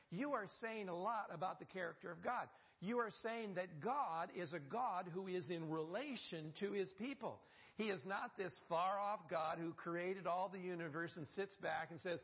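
A male pastor with a high voice preaches at a moderate pace, drawing the congregation into call-and-response by prompting them to repeat after him. The recording has its highs cut off.

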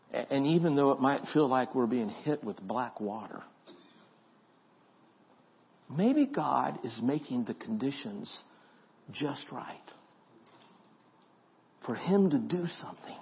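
A man's voice: mid-range voice, creaky, husky, highs cut off. A man preaching as a pastor, earnest and repetitive, in a church. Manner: earnest preaching with repeated phrases and restarts. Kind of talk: sermon.

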